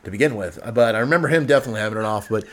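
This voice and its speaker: A man's voice: fairly low pitch, racing. A man hosting a podcast from his barbershop, telling a rowdy story in a loose, profane way and acting out the people in it. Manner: profane, rambling storyteller who acts out the people in his stories. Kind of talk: casual storytelling chat.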